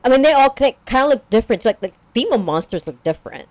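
A woman's voice: fairly high pitch, lively intonation, fast, darkish tone, dry recording. Young woman, podcast co-host, casual recap, rambling, dry close sound. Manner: rambling, lots of "like", acts out characters.

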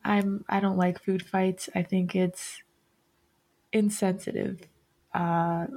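A woman hosting a podcast at an unhurried, slow pace. She talks casually and rambles, stopping often to correct herself and filling pauses with ums and likes. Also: on the low side, gravelly, a little mellow. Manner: rambling, self-correcting, many fillers. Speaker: podcast host. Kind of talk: casual chat.

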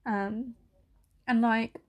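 A woman's voice: a little high, fairly even intonation, drawn-out words. A young woman hosting a solo podcast, talking candidly and emotionally with lots of "like" fillers and the odd swear word. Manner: rambling, many "like" fillers and swearing; emotional, voice near tears at times. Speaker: podcast host.

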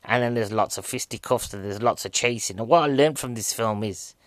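A man's voice: medium pitch, a little fast, no room sound. A man giving a casual, jokey, rambling film review, a bit out of breath.

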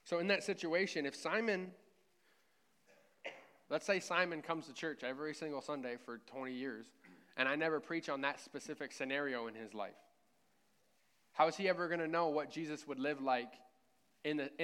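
A male pastor delivers a sermon in a relaxed, conversational tone, often pausing to ask his listeners "right?". His voice sits a little high for a man and comes through smooth and clear. He preaches from a church. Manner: conversational, frequent "right?" check-ins.

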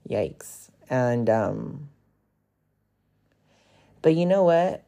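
A man's voice: medium pitch, expressive, very slow, vocal fry, mellow, dull audio. A man in his twenties from California, hosting a podcast and telling a personal story in a frank, profane, rambling way full of fillers. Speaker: podcast host. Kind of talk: casual confessional storytelling.

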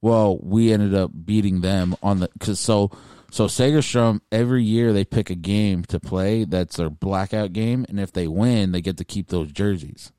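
Brief: young male podcast co-host, low smooth voice, dry close sound, rambling and profane. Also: moderate pace, few pauses, mellow, no room sound. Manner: rambling, swears freely, many restarts. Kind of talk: casual chat.

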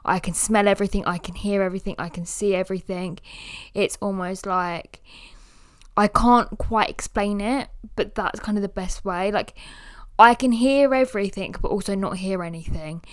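A young woman hosting her own podcast, talking candidly and rambling with many fillers, at times quiet and emotional. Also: mid-range voice, normal speed, dry recording. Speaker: podcast host. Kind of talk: personal podcast monologue.

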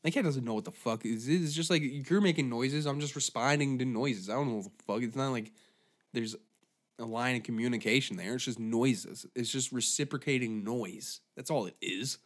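A man hosting a podcast who rants in a profane, rambling, animated way. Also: medium pitch, normal speed. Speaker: podcast host. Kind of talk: comedic rant.

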